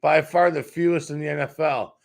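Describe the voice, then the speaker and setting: A man's voice: a little high, steady tone, a little fast, creaky. A man hosting a sports show, ranting in a heated, profane, repetitive way.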